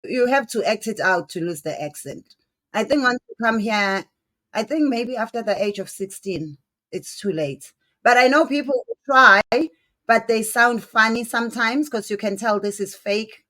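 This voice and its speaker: A woman interviewing a guest in a relaxed chat, asking questions and responding encouragingly. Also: on the high side, moderate pace.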